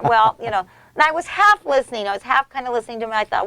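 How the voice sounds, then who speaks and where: A middle-aged American actress telling stories in an interview, animated and effusive with frequent restarts. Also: female voice, fairly high pitch, fast talker, hardly any pauses, clean tone, no echo. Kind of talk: casual storytelling in an interview.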